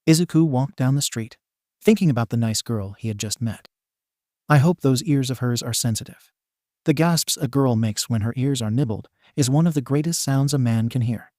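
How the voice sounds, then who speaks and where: A man reading a fan fiction story aloud as narrator, with a steady, even delivery. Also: medium pitch, dry recording, clean studio sound.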